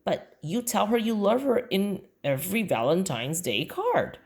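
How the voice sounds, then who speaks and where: A woman voicing a calm, gently teasing mother in a children's book read aloud. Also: mid-range voice, unhurried, voice pushed up.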